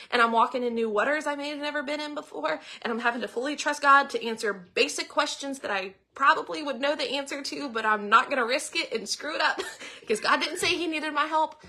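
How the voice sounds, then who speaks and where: A woman's voice: a little high, pushed and bright. A middle-aged woman giving an earnest devotional talk full of rhetorical questions. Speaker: ministry speaker.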